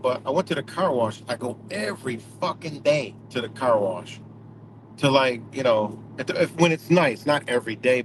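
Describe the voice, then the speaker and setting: A man's voice: mid-range voice, background noise. A man talking casually in a rambling way, full of fillers, restarts and swearing. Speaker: vlogger. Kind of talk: casual spoken reflection.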